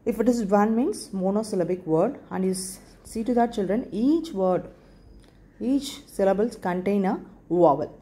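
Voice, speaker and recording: A woman teaching an English lesson in an Indian English accent. She speaks slowly, repeats words and spells them out letter by letter. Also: mid-range voice, dark tone. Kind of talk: recorded classroom lesson.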